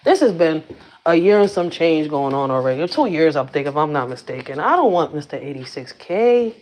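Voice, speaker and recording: A woman's voice: low voice, big pitch swings, a little fast, darkish tone. A woman vlogging as a community activist, ranting to the camera in blunt, profane slang. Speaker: community activist and channel host. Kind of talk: casual rant to camera.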